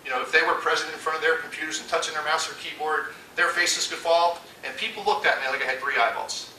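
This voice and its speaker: A man giving a storytelling keynote talk, animated and acting out the voices he quotes. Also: on the high side, quick pace, a little hiss or hum. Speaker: conference speaker. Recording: echoey hall from far off.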